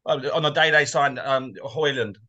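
A man's voice: medium pitch, a little slow, pushed and bright, highs cut off. A man, co-hosting a podcast and telling rambling stories about football. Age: 40s. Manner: rambling, anecdotal, laughs easily. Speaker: co-host. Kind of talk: casual football chat.

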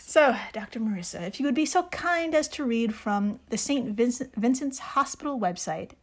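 Woman, very high voice, playful, laughs a lot, casual podcast chat. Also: lively intonation, normal speed. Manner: playful, explaining, laughs often. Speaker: podcast co-host.

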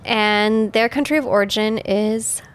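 A woman's voice: medium pitch, unhurried, a little hiss or hum. A woman co-hosting a casual podcast, chatty and laughing often, swearing freely in easygoing talk. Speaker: podcast co-host. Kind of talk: casual chat.

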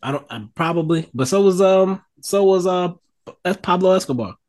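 Lively, expressive man chatting casually. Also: high-pitched, moderate pace. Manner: lively, laughs along, swears casually. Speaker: podcast co-host. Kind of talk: casual movie discussion.

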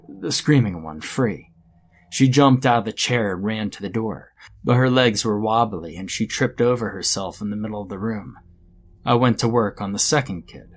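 A man narrating a scripted first-person horror story in a dramatic storytelling manner. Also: on the low side.

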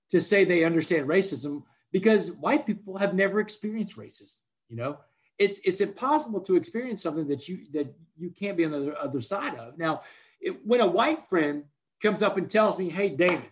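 Male guest, 40s, fairly high-pitched, emphatic storyteller, casual and direct. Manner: emphatic, peppers speech with "man". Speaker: podcast guest, motivational speaker.

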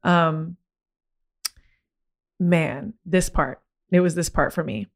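Slowly and with vocal fry, a young woman with a slightly low voice shares a personal story on her podcast. The conversation is open and candid, and she livens up as she relives it, leaning heavily on "like."

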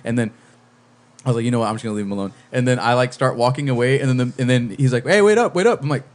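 A man's voice: medium pitch, very fast. A young man telling a story on a podcast, swearing freely and acting out what people said. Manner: profane, animated storyteller acting out quotes. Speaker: podcast co-host. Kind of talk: casual storytelling. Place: podcast studio.

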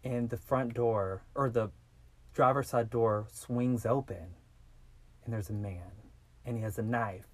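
A man telling a crime story on a podcast, casual and lively, with loose swearing. His voice sits at an ordinary middle pitch and sounds close and dry, with no room around it. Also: unhurried, no room sound. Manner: animated, swearing, acts out quoted voices. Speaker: podcast host.

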